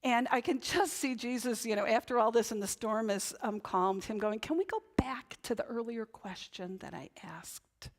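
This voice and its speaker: A woman pastor giving a conversational sermon, often tagging her points with "right?". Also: a little high. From Northern New England. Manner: conversational, chatty, frequent "right?" tag questions. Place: church.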